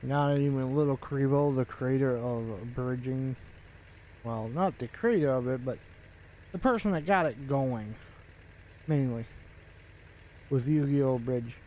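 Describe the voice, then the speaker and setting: A man's voice: medium pitch, a little slow, long pauses, lo-fi sound, a little hiss or hum. A man chatting casually while he plays a game, rambling with many fillers and restarts, into a desk microphone. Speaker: gaming video creator.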